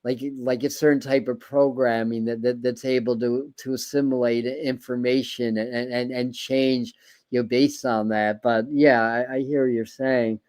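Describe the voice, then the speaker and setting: A man's voice: medium pitch, level tone, moderate pace, a little mellow. A man hosting a tarot livestream in casual chat, rambling with many restarts and repeated words. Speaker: tarot reader and livestream host.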